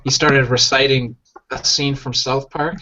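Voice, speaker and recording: A man's voice: mid-range voice, flat delivery, unhurried, a crowd in the background. Laid-back young guy chatting on a voice call, medium voice, muffled sound. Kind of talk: casual group voice chat.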